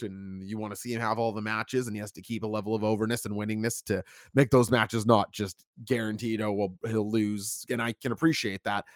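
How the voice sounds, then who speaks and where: A man co-hosting a casual wrestling review stream, talking in an animated, chatty way and reacting to viewer chat. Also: medium pitch, no echo, clean studio sound.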